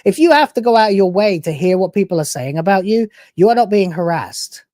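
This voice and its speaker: A woman's voice: mid-range voice, lively intonation, a little fast, dark tone, no room sound, studio quality. A woman hosting a reaction channel, giving sarcastic, profane, mocking commentary over clips.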